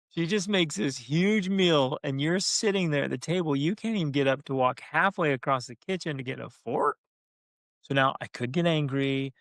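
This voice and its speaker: Animated man telling a family story. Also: fairly high pitch, a little fast, no room sound, clean studio sound. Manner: animated, acts out family voices. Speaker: parenting podcast co-host. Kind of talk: casual storytelling.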